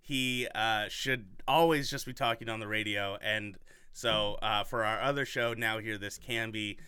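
A man's voice: on the low side, steady tone, measured pace, bright, forceful tone, smooth, dry recording, clean studio sound. A man hosting a podcast in casual chat, rambling and enthusiastic with lots of fillers. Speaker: podcast host.

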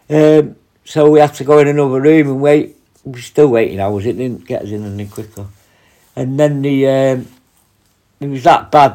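A prison officer casually tells blunt, profanity-laced anecdotes, acting out his own retorts, in a mellow mid-range voice.

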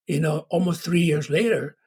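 A man from Tonga, telling a personal story as an interview guest, halting and full of "you know". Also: a little high, creaky, a little mellow, breathy edge.

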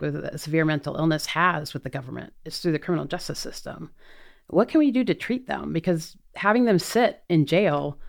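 A woman's voice: sits low, creaky. A middle-aged woman, a prosecutor running for office, answering interview questions earnestly with frequent fillers and restarts. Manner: earnest, thinks aloud with many fillers. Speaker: prosecutor and DA candidate.

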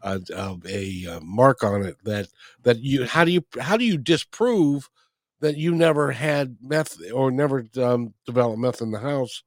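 A male host asks questions haltingly, filling his pauses with "uh" and "um". He has a mid-pitched voice, recorded with a close, dry sound. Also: no room sound. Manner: hesitant, halting questions with fillers. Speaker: interviewer host. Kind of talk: casual interview.

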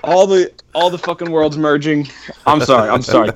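A man's voice: fairly high pitch, fairly quick, slight background noise. A man guesting on a podcast, rambling animatedly and swearing as he chats about horror movies. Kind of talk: casual chat.

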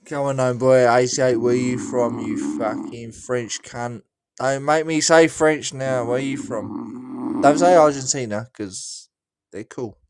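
A man's voice: medium pitch, steady tone, takes it slowly, vocal fry. Drunk English man, rowdy and crude. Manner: rowdy, crude, slurring banter. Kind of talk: casual voice chat.

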